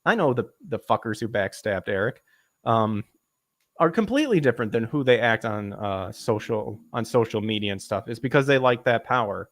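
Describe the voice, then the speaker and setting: A man in casual podcast chat, ranting and swearing, his pitch jumping up when he gets worked up. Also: animated, normal speed, no echo. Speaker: podcast host.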